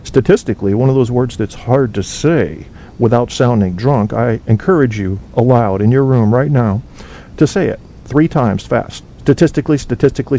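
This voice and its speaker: Blunt, rambling male podcast host; gravelly and mellow, on a tinny home mic with faint noise. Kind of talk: casual solo talk with live chat. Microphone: cheap low-quality microphone. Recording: faint noise on a low-bitrate stream.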